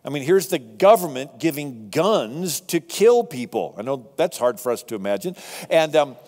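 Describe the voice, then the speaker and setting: A man lecturing on history, telling it as a lively story to a live audience with asides. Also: a little high, moderate pace, big-room sound. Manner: animated, conversational storytelling with asides. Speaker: speaker on history.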